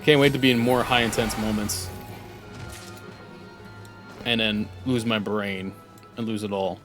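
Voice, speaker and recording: A young man streams a game, speaking unhurriedly in a lowish voice with fairly even intonation while music plays in the background. His casual commentary rambles, he jokes at his own expense, and he reads game text aloud.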